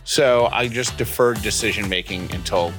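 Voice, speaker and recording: A man's voice: fairly low pitch, moderate pace, fairly bright tone, soft background music. Easygoing man podcast co-host. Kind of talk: casual chat.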